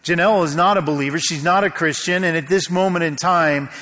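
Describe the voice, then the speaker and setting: Storytelling male pastor in a reverberant hall. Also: on the high side. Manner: storytelling, slows and drops to a hush at tense moments. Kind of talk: sermon.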